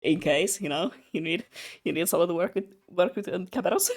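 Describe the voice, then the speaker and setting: A young adult streamer with a medium-pitched voice chats casually at a moderate pace while drawing. They tell rambling stories packed with fillers and asides, laughing often as an animated storyteller.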